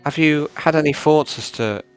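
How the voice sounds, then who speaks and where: A man voicing a solemn, slow-speaking male cult leader with a put-on accent. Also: fairly high pitch, clear, resonant tone, faint music behind, pitched above the performer's own voice, lightly acted.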